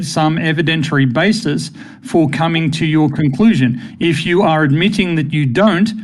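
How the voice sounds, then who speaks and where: A man in a heated online debate, pressing his points insistently with stammering restarts. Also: fairly high pitch. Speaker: debate participant on voice chat.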